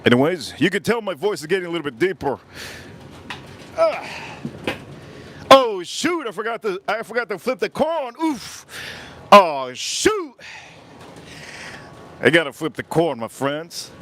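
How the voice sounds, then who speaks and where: A man's voice: high-pitched, huge pitch swings, a little slow, long pauses, slight background noise. Rambling, jokey man grilling on a live stream. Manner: jokey, rambling, bursts into shouted bits. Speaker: livestream cooking host. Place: outdoors at a grill.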